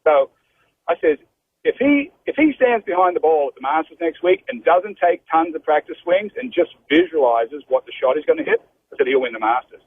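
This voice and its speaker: An Australian pro golfer in his fifties, telling golf stories as a guest on a radio interview, animated and saying "mate" often. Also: fairly high pitch, fairly quick. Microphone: telephone. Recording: phone line with faint noise.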